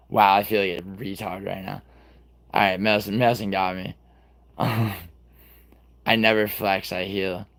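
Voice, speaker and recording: A man in his thirties hosting a livestream, chatting casually with viewers in a rambling, profane way. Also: low voice. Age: 30s. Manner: profane, rambling, talks to chat by name. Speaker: livestream host.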